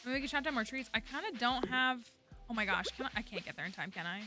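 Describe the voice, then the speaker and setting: Over music, a woman with a fairly high, animated voice talks quickly while streaming a game. Her chatter is casual and rambling, full of fillers such as "like" and "um."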